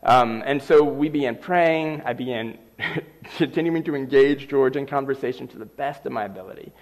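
A middle-aged man preaching a sermon, telling a personal story with lively, animated delivery. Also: medium pitch, moderate pace. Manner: animated storyteller acting out scenes. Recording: long reverb of a large hall.

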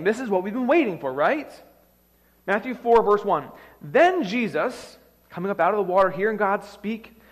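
A man preaching a sermon as pastor, telling the story dramatically with shifting loudness, in a church sanctuary. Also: high voice. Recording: long reverb of a large hall.

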